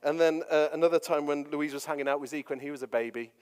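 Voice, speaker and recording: Joking pastor in a hall. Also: male voice, fairly high pitch, steady tone, fast, darkish tone, clean tone. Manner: jokey, anecdotal, lots of fillers. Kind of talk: sermon with personal stories. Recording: long reverb of a large hall.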